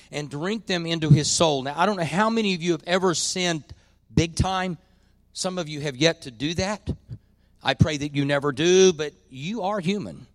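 A man preaching a sermon, dropping to quiet confiding and rising to loud, drawn-out peaks. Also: fairly high pitch, no room sound. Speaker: pastor.

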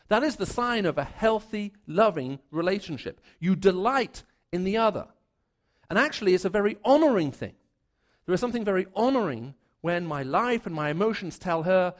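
A man's voice: high-pitched, big pitch swings, normal speed. A man preaching a sermon to a live congregation, conversational and storytelling, with frequent restarts and fillers. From raised in the Middle East.

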